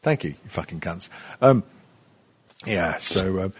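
A man's voice: mid-range voice, expressive, a little slow, breathy edge, no room sound. A middle-aged man with a crude, rambling, mocking way of talking in a casual chat, swearing often and laughing as he goes.

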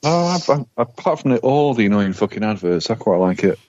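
Low-voiced laid-back man, muffled. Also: sing-song, brisk, a little mellow, a little hiss or hum. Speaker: podcast co-host. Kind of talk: casual chat.

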